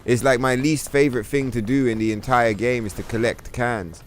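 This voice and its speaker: A man's voice: mid-range voice, fairly even intonation, normal speed, slight background noise. A man streaming a game, ranting in a casual, profane, exasperated way and mocking others in put-on voices. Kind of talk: casual gaming stream rant.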